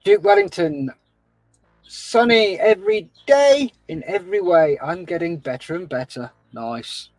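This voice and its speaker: A man's voice: sits high, expressive, measured pace, darkish tone, no echo. A man co-hosting a casual livestream, cheerfully reading out chat comments and chatting with his guest. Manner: cheerful, reads chat comments aloud with laughs. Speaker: co-host reading live chat.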